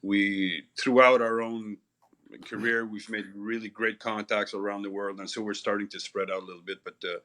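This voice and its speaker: A man from Canada answering as a guest in a live video chat, modest and halting with many fillers. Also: lowish voice, little pitch movement, fairly bright tone. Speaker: guest, retired kickboxing champion. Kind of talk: casual interview answers.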